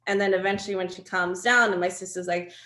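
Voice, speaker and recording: A woman talks candidly as an interview guest, her storytelling lively and broken by laughter and "like"s. Her voice sits at an ordinary middle pitch. The room around her rings with noticeable echo. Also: quick pace. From Australia. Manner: animated storytelling, laughs often, many fillers. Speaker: guest artist.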